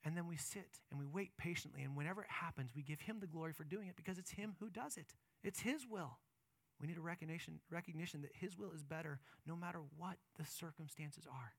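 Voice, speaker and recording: A male pastor preaching a sermon with impassioned emphasis, moving between loud urgent passages and quieter reflective ones. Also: on the high side, fast, no room sound.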